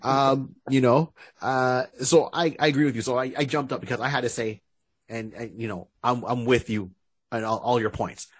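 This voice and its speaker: A man co-hosting a podcast in an easygoing, agreeable way. His voice is husky, and it is recorded dry and close. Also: mid-range voice, fairly even intonation, normal speed, dry recording. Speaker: podcast co-host. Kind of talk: casual chat.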